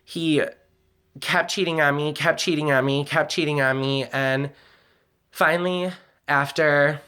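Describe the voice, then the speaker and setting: A man's voice: on the high side, steady tone, measured pace, pushed and bright, smooth. A man telling a personal story in a confessional vlog, candid and emotional, rambling with many "like"s and the odd swear word. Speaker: vlogger.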